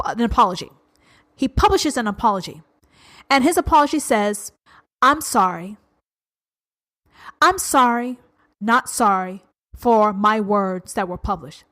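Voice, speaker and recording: A woman's voice: sits high, a bit bright. A woman hosting her own podcast, ranting bluntly and profanely in an uncensored solo talk. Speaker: podcast host.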